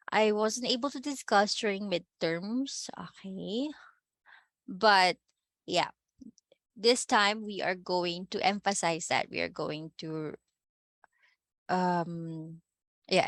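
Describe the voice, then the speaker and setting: A woman's voice: lowish voice, fairly bright tone, no room sound. A woman with a Filipino accent teaching a Spanish class, often checking in with "no?" and "okay?" and slipping in Tagalog phrases. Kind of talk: online class lecture.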